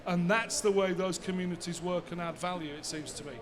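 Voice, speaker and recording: High-voiced man giving a seminar talk. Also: steady tone, a little fast. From Bradford, England. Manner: conversational, answers his own rhetorical questions. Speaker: seminar speaker. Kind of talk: conference talk and Q&A.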